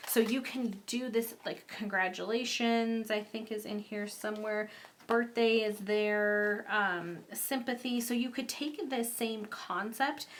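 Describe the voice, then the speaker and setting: A woman's voice: medium pitch, fairly even intonation, a little slow, a little hiss or hum. A young woman chatting casually and upbeat through a card-making tutorial, with frequent ums.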